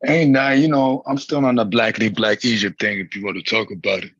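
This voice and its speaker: A man talks in a casual video call chat, rambling and often starting his sentences over. His voice sits at an ordinary pitch for a man. The audio is dry and dull, with a lo-fi edge. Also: fairly even intonation, quick pace, fairly bright tone, slightly rough, no echo.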